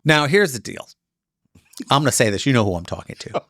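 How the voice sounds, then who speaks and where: A middle-aged man co-hosting a casual talk show, telling stories with animated delivery and mimicking other people. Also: medium pitch, fairly quick, no room sound, studio quality. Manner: animated storytelling, mimics others in raised voices. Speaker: co-host. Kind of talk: casual chat.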